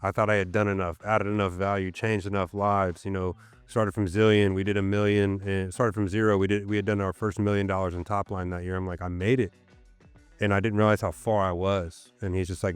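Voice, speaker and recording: A man in his thirties speaks in a deep, low register as a podcast guest. His tone is smooth and resonant while he tells a candid story in loose, conversational phrasing. Faint music sits under the talk. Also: brisk, no echo. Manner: candid, animated storyteller with fillers like "so, like". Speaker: podcast guest, gym owner. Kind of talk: storytelling in a casual interview.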